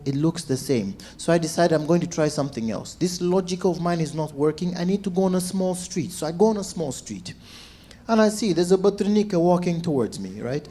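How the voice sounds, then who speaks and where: A man, a stand-up comedian telling stories to a crowd and acting out shouts and quoted voices. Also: a little high. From Zambia. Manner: animated, acts out shouts and quotes. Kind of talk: stand-up storytelling.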